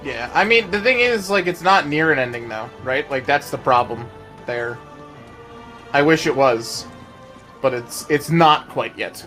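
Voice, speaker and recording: A man's voice: fairly high pitch, expressive, measured pace, pushed and bright, faint music behind. A man live-streaming a game, chatting casually with his viewers and reacting to what happens.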